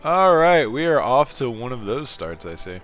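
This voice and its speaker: A man's voice: medium pitch, moderate pace, soft background music. A man giving casual, giggly commentary as he plays a story game. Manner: giggly and animated. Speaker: gaming video creator.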